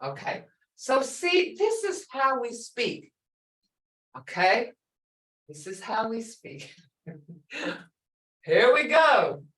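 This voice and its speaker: Woman, language teacher, high lively voice, playful, laughs a lot, echoey room, off-mic. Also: extremely slow, long pauses, distant mic. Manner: playful, laughs often, repeats phrases. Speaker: language instructor. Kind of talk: online class teaching.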